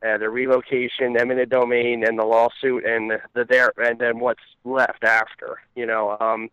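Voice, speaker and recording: A man from Philadelphia, a documentary filmmaker guest, telling his story in a steady order with fillers, heard over dull, dry remote audio. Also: mid-range voice, normal speed, clear, resonant tone, no echo. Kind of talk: casual interview answers.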